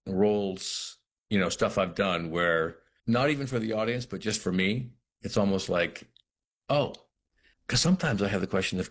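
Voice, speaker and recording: A man's voice: fairly low pitch, moderate pace. A middle-aged man, an actor being interviewed, reflecting thoughtfully on his work with frequent restarts and quoted asides. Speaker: actor, guest.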